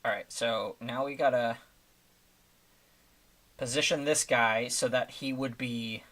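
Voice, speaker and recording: A man's voice: medium pitch, fairly even intonation, takes it slowly, fairly bright tone. A man casually commenting while he works on a live stream, thinking aloud with lots of fillers and restarts. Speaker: streamer making thumbnails.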